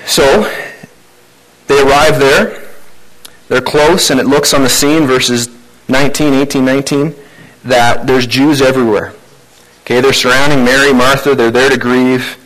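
A man's voice: medium pitch, fairly even intonation, measured pace, fairly bright tone, low-quality recording. A man preaching a sermon in a conversational, informal way. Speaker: pastor.

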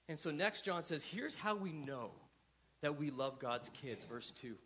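A man in his thirties with a high voice preaches from the front of his church. His sermon is loose and conversational, full of asides and quick questions to the congregation. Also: lively intonation, a bit bright, husky. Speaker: pastor.

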